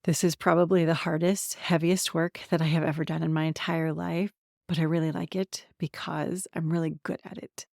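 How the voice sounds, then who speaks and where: A woman's voice: deep voice, little pitch movement, normal speed, creaky, darkish tone, no echo, studio quality. A woman in her forties from central Pennsylvania hosting her own podcast, talking candidly about herself and laughing often. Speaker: podcast host, somatic transformation coach. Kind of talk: personal solo podcast talk.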